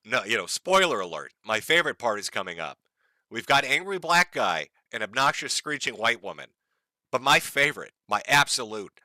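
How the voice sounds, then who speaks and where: A man's voice: mid-range voice, bright, forceful tone, no room sound. A man giving profane, mocking video commentary in a sneering, sarcastic rant.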